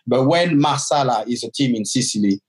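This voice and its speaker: A man's voice: medium pitch, expressive, poor audio. Man telling a story. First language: French. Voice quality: halting, with many restarts and fillers. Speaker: guest telling his life story. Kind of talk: casual storytelling.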